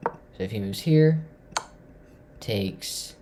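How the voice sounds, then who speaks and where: A man from Tennessee excitedly walking through his chess game, thinking aloud and swinging between loud bursts and hushed asides. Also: lowish voice, very slow, noisy background. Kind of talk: excited game recap to camera.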